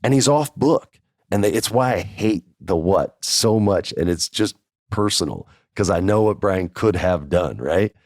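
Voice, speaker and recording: A man's voice: deep voice, expressive, a little slow, darkish tone, dry recording, clean studio sound. A man hosting a podcast, telling a casual first-person story in a chatty way and acting out the dialogue. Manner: chatty, acts out quoted dialogue. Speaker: podcast host.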